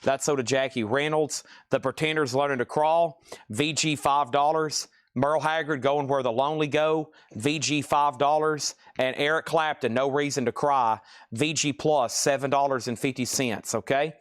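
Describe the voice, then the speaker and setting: A man hosting a live record sale stream, rattling off items, grades and prices in a brisk, matter-of-fact way. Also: medium pitch, steady tone, clean tone, no room sound, studio quality. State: briefly out of breath. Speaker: livestream record sale host. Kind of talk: live sales patter.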